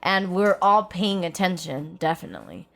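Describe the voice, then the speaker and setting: A woman's voice: fairly low pitch, big pitch swings, moderate pace, gravelly, fairly bright tone. A young woman hosting her own podcast in casual chat, playful and teasing with a sarcastic edge. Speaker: podcast host.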